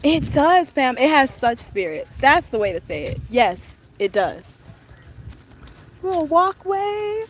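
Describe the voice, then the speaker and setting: Brief: young woman, travel vlogger, high bright lively voice, gushing and chatty, live phone stream outside with park noise around her. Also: measured pace, few pauses. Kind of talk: live-streamed walking tour. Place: outdoor lakeside park. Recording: outdoor noise, wind and ambience.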